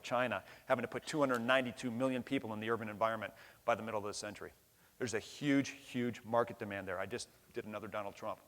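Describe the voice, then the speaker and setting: With a lowish, slightly bright voice, a middle-aged man from the United States gives an impassioned conference keynote. He's emphatic and blunt, casually profane, and leans on frequent "right?" tags. The large hall lends the audio a long reverb.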